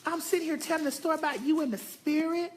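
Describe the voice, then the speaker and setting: A woman vlogger telling a story at home in a casual, emphatic and animated way. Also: high-pitched, quick pace, a little hiss or hum. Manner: emphatic and animated, often addressing viewers as "girl". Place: home, indoors.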